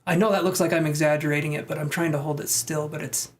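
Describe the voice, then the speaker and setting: A man's voice: a little high, fairly even intonation, fast talker. Chatty man rambling on a live stream. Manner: rambling, chatty, reacting to viewer comments. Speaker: tarot reader and live streamer. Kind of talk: casual live-stream chat with viewers.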